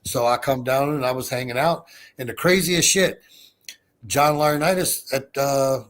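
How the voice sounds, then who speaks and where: A man's voice: medium pitch, normal speed. A male podcast guest on a video call, telling a story in casual chat, swearing freely and acting out the dialogue. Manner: profane, animated storyteller who acts out dialogue.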